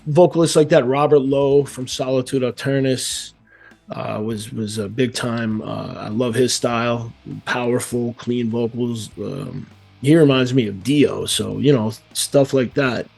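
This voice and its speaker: A man's voice: medium pitch, steady tone, measured pace, vocal fry, darkish tone, husky, faint music behind. A man from New York with a New York accent, a metal band vocalist chatting casually in an interview, rambling with many fillers and restarts.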